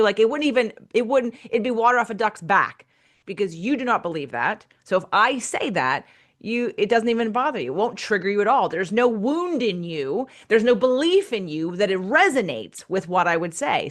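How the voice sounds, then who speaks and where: A woman hosts a casual podcast conversation in a sing-song, medium-pitched voice, talking a bit fast. She's frank and blunt, swears casually, and performs the voices of the people she quotes.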